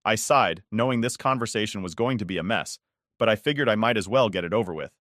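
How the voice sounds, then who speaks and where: Man, story narrator, scripted first-person reading, steady, dry sound. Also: fairly low pitch, fast, no echo.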